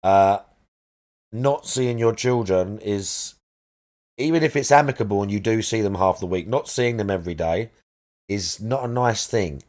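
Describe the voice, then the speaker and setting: A man's voice: fairly low pitch, normal speed, darkish tone. A man streaming a game live, chatting casually and rambling as he searches aloud for the right words. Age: adult parent.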